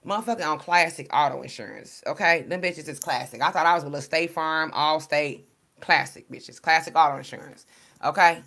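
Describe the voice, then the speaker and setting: Lady tarot reader ranting to her followers, cussing, lots of slang, lowish forceful voice. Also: fairly quick, gravelly. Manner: blunt, profane, slang-heavy and animated; storytelling, addressing followers as y'all. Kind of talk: casual direct-to-camera monologue.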